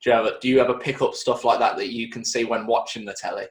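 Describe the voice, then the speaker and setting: A man's voice: mid-range voice, fairly even intonation, fast talker, roomy sound. A man hosting a podcast, asking casual questions and giving lots of short agreeing replies. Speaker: podcast host.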